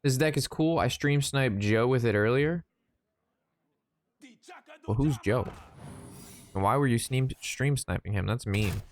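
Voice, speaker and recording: A man's voice: medium pitch, measured pace, pauses often, dry recording. A young man streaming a card game, chatting casually with playful jokes and mock sportscaster asides. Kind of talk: casual gameplay commentary.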